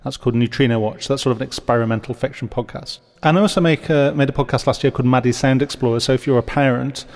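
A man's voice: mid-range voice, steady tone, quick pace, few pauses. A man, the podcast's producer, talking in a mild, understated way. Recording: roomy long reverb.

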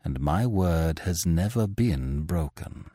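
A man voicing a calm masked male avenger who speaks low, measured and quietly menacing. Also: dry recording, studio quality, exaggerated voice. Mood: calm menace.

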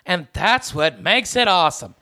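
A man's voice: high voice, very animated, normal speed, pushed and bright. A man hosting a podcast, talking in a boisterous, profane, rowdy way. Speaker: podcast host. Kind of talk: crude comedic banter.

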